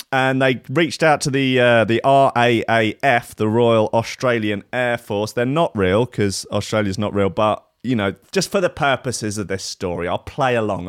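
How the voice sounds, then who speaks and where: A man with a lowish, clean voice hosts a live radio show, chatting casually in a rambling, irreverent way with plenty of swearing. The recording is dry, with clean studio sound.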